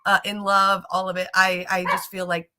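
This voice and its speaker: A woman's voice: medium pitch, completely flat delivery, normal speed, background noise. A young woman hosting a livestream, chatting casually and emotionally, rambling and stumbling over her words. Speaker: show host.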